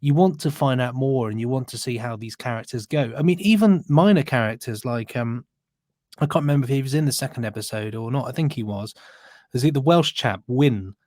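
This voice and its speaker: A man's voice: mid-range voice, fairly quick, darkish tone, dry recording, clean studio sound. A British man co-hosting a podcast, chatting earnestly and enthusiastically. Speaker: podcast co-host. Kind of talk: casual chat.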